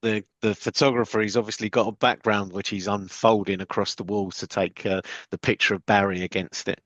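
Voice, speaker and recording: A man co-hosting a podcast in a low voice, quick to chuckle and agree. The audio is dull and lo-fi, with a dry, close sound. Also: fairly even intonation, fairly bright tone, no room sound. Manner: chuckling, affirming. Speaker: podcast co-host. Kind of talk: casual chat.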